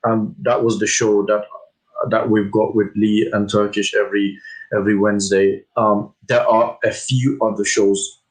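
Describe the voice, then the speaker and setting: A man co-hosting a casual fan discussion, speaking in a measured and mildly frustrated way. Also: lowish voice, little pitch movement, poor audio. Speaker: co-host.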